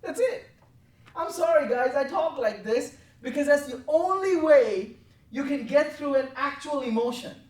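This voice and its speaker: Intense high-voiced woman lecturing traders. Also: normal speed, a little mellow. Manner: intense, blunt, profane, presses for answers. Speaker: trading desk head. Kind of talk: confrontational mentoring talk. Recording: roomy, from a distance.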